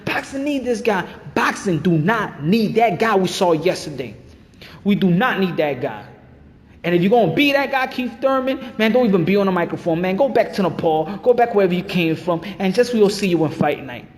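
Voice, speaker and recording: A man's voice: high-pitched, expressive, fairly quick. A man rants about boxing, hammering the same points over and over. He sounds fired up and emphatic. His voice rings with a long reverb. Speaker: boxing channel host. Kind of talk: ranting commentary.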